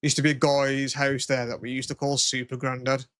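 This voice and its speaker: A man's voice: mid-range voice, level tone, brisk, a bit bright, no room sound. Young man, English, podcast co-host, sweary, rambling, laughing, dry sound. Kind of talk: casual chat.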